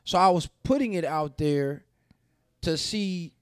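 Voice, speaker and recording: A man from the American South talking frankly in a casual podcast chat, animated and acting out the voices of people he quotes. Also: fairly high pitch, unhurried, smooth, dry recording, studio quality. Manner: candid, animated storyteller who acts out quoted dialogue. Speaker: podcast co-host.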